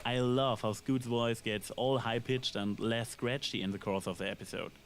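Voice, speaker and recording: A man reading a scripted episode review in a measured, analytical way, with dry asides. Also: mid-range voice, steady tone, a crowd in the background. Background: faint background music.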